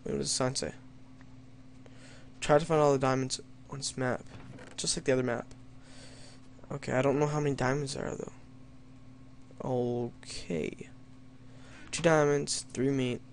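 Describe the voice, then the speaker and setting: A man's voice: medium pitch, level tone, moderate pace, vocal fry, long pauses, slight background noise. A young man doing let's play commentary, reading story lines in a mock-dramatic tone and joking wryly at himself. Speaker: gamer playing an adventure map.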